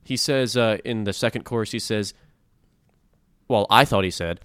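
A man's voice: fairly low pitch, moderate pace, fairly bright tone, clear, resonant tone, dry recording, studio quality. A man co-hosting a casual podcast chat, joking around and putting on mock accents. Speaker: podcast co-host.

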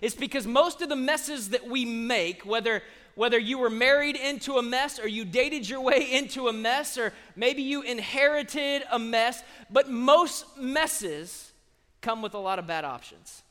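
A man, preaching a sermon with animated, humorous storytelling. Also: very high-pitched, a little slow, in a large hall. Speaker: pastor.

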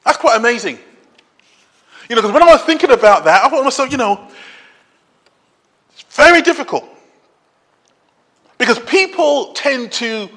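A man's voice: extremely high pitch, pushed and bright, long reverb tail. A middle-aged man preaching a sermon in a conversational way, driving points home through repetition.

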